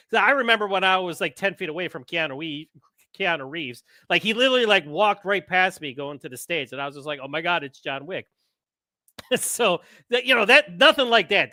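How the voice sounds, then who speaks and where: Male podcast host, excitable rambling chatter, bright edge, dry close sound. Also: high-pitched, dry recording. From United States. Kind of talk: casual live-stream chat.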